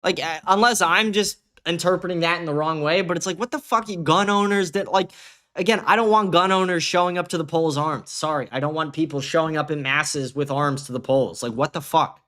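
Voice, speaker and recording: A young man hosts his own livestream and reads viewer comments out loud. His voice sits a little high for a man. He answers the chat in a heated, profane rant. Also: a little fast. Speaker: host.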